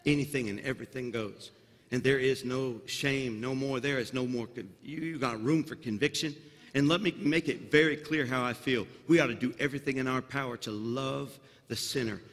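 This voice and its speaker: A man preaching a sermon as senior pastor in a church sanctuary, building to loud, fervent climaxes with folksy asides and a slight Southern drawl. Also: mid-range voice, normal speed. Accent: Southern US drawl slipping in. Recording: long hall reverb of a sanctuary.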